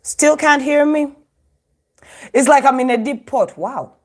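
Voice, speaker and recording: A woman's voice: high-pitched, measured pace. A woman from Uganda hosting a casual live stream from her phone, chatting to viewers and laughing often. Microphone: phone microphone.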